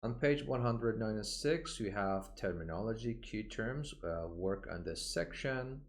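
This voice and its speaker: A man with a fairly low voice takes an unhurried pace through a vocabulary lesson. He says each key term slowly and often repeats it for pronunciation practice. He pauses with "uh" between points. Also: animated. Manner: slow, deliberate, models pronunciation by repeating words; frequent "uh" fillers, points at the page. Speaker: English for medicine teacher. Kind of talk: textbook walkthrough lesson.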